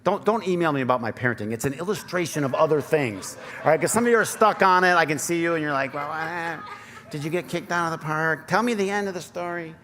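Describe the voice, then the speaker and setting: In a reverberant church sanctuary with faint ambience, a Michigan-accented pastor in his thirties preaches fast in a fairly high, slightly bright voice. His sermon is conversational and self-deprecating, told through personal stories.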